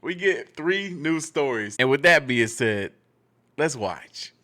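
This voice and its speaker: Hype guy doing the intro, bright sharp voice, all excited. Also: medium pitch, slow pace. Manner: enthusiastic, upbeat. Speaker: channel host. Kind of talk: casual video intro.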